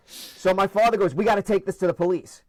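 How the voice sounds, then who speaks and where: A man with a New York accent telling funny stories in a casual, animated way, acting out the voices in them. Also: sits high, normal speed, no room sound. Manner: animated, acts out voices in anecdotes. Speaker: guest storyteller. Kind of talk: casual storytelling.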